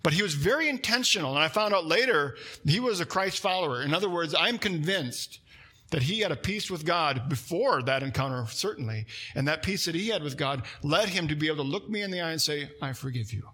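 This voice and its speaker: Bright, animated male preacher. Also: fairly high pitch, brisk. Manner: animated storytelling preacher, swinging between loud emphasis and hushed quiet. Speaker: pastor. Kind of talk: sermon.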